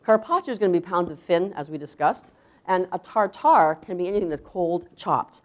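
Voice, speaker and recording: A woman's voice: on the low side, normal speed. Emphatic woman chef giving a talk. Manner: emphatic, rhetorical questions; acts out quoted voices. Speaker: chef presenter. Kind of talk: conference talk.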